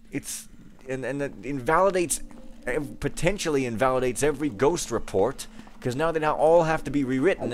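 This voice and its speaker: A young man giving casual gameplay commentary, ranting and easily frustrated, with outbursts and musing. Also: mid-range voice. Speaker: let's play gamer.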